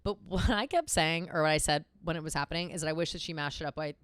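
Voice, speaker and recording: Low-voiced woman in chatty podcast talk. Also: a bit bright, smooth, dry recording. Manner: chatty, profane, fan gossip with quick asides. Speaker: podcast co-host. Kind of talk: casual chat.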